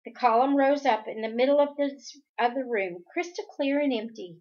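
A woman reading a novel aloud in an unhurried manner, stumbling over a word now and then. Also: high-pitched, a little mellow. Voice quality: unhurried, with occasional restarts. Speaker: reader. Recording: dull lo-fi home recording.

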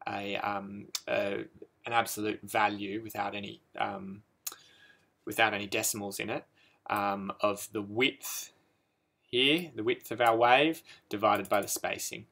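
Gravelly, bright-toned man explaining code. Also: on the low side, fairly even intonation, unhurried. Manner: hesitant, many ums and restarts. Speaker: coding tutor. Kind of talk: screen-recorded code walkthrough.

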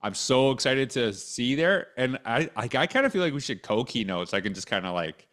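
A man hosting an interview podcast, talking in an enthusiastic, animated way with frequent restarts. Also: mid-range voice, brisk. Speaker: podcast host. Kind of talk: casual interview chat.

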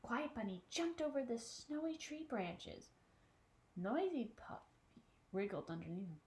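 A children's librarian reading a picture book aloud at a slow, unhurried pace. Her voice sits fairly high and swoops up and down with lots of expression. She stops now and then to ask a child listener questions. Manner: animated, talks to a child listener.

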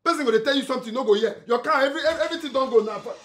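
An actor playing a jealous, hot-tempered jobless husband with a Nigerian accent, who stammers and repeats words in angry bursts. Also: male voice, very high-pitched, racing, over music. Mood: accusing.

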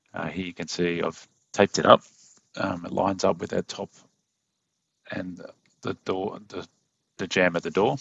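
A man with an Australian accent giving a casual step-by-step car install tutorial as a voiceover, in a self-described monotone with plenty of fillers. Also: deep voice, vocal fry, no echo, highs cut off. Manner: monotone, plain and unhurried, with fillers. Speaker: DIY car install host. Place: home studio voiceover.

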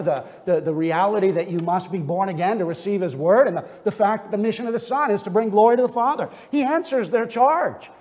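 A man with a notably high voice preaches an expository sermon with earnest conviction. His words ring out with a long reverberant tail, as in a church sanctuary. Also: a little mellow. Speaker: pastor.

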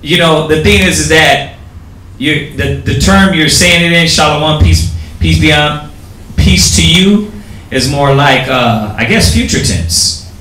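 Guy teaching a class real slow, bright voice, lots of uhs, echoey room. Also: fairly high pitch. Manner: slow, halting explanation with fillers. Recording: echoey room with faint ambience.

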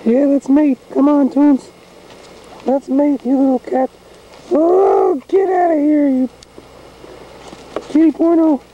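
A man voicing a cocky male farm cat in a squeaky falsetto, recorded outdoors on a camcorder. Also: steady tone, takes it slowly, pauses often, phone-quality sound, a little hiss or hum. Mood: teasing, boastful. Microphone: handheld camcorder mic.

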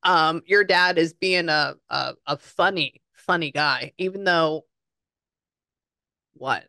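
A chatty woman with a fairly low voice, talking casually and relaying quotes. Her sound is dry and close, with no room around it. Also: slow pace, bright, forceful tone, no echo. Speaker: psychic medium. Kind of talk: casual reading session.

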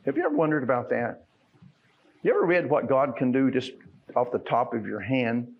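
A preacher delivers a sermon in a church, talking in a plain, folksy way and then pressing hard on key lines. His voice sits at a middling pitch for a man. The sound is dull and lo-fi. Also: big pitch swings, brisk. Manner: folksy and conversational, building to fervent emphasis. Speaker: pastor. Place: church sanctuary.

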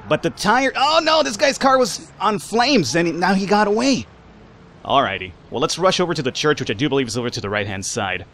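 Lively chatty man playing a game. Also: on the high side, brisk. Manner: chatty, animated, reads game lines aloud. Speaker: let's play gamer. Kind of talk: casual gameplay commentary.

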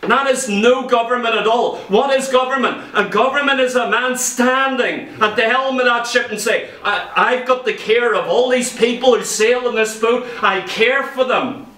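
A man's voice: very high-pitched, normal speed, sharp tone. A man preaching a sermon with passion, acting out the voices of people in his stories. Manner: impassioned, acts out quoted voices in stories. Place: church. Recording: echoey church from far off.

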